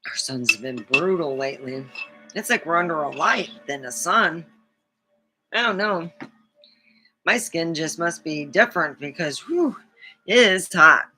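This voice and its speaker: A woman hosting her own live stream from a small studio, swapping stories in a loose, chatty way. She talks bluntly and curses freely, with an animated delivery. Her voice has a bright, sharp edge. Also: deep voice, measured pace, long pauses, soft background music. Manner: salty, blunt, profane, animated. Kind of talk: casual storytelling monologue.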